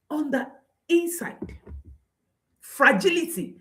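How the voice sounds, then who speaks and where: A woman's voice: high-pitched, sing-song, slow, a bit bright. A woman parenting coach giving an earnest, emphatic talk to camera, repeating her key points.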